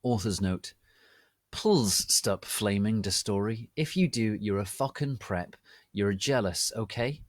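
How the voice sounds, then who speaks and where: A man reads fan fiction aloud in a slow, deliberate, deadpan way. His voice sits a little low, and the sound is dry and close, with no room to it. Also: no room sound. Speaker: reader. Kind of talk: dramatic reading of fan fiction.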